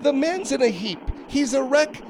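A man's voice: very high-pitched, lively intonation, normal speed, background noise, voice pushed up. A man putting on a prying, mocking older woman. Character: nosy older woman, fussy and critical.

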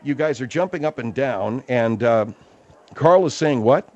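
A man hosting a comedy radio show, questioning a caller with lively, prodding questions. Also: mid-range voice, unhurried. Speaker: radio host. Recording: dull radio broadcast with faint hiss.

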